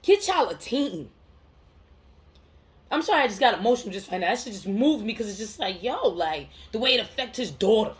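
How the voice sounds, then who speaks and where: A woman's voice: mid-range voice, big pitch swings, a little fast. A woman mental health counselor giving a heartfelt motivational monologue to camera, emphatic and slangy, repeating phrases to drive her point home.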